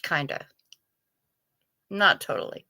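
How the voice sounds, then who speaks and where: Livestream host: middle-aged woman, slow, bright wry chat, dry close mic. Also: no echo. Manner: chatty, wry, self-deprecating. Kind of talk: casual livestream chat reading chat.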